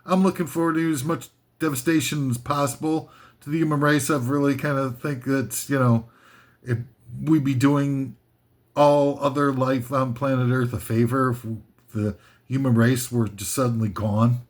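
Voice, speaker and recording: A man's voice: medium pitch, fairly even intonation, moderate pace. A man hosting a comic list video, rambling and self-mocking as he drifts off topic.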